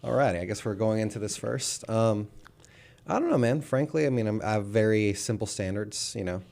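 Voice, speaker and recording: A man with a lowish, mellow voice co-hosts a casual political podcast. He stays laid-back and teases his partner with dry remarks. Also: expressive, brisk, creaky. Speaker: podcast co-host.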